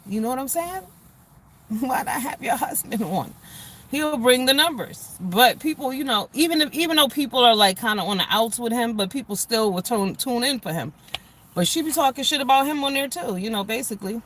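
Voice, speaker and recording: A woman's voice: lowish voice, slight background noise. Blunt, profane woman ranting live. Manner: blunt, profane, heavy on slang and fillers. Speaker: livestream host. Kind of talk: casual ranting commentary to viewers.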